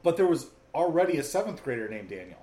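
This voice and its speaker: A young man chatting casually, swearing often as he tells his stories. His voice sits a little high and moves up and down a lot. He is animated and lively throughout. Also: quick pace. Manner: profane, animated storytelling. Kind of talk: casual chat.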